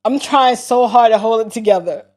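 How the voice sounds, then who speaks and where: A woman's voice: fairly high pitch, normal speed, darkish tone. A woman hosting a casual livestream, laughing hard and breaking up as she talks. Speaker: livestream host.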